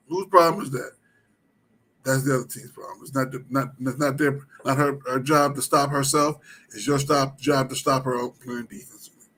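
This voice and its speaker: A man co-hosting a casual sports talk livestream, animated and teasing. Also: on the high side. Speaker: co-host. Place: livestream call.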